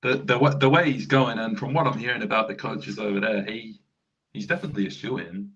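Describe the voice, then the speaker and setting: An Australian man telling a story on a sports podcast, animated. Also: fairly low pitch, brisk, breathy edge. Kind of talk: casual sports podcast chat. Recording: dull lo-fi sound.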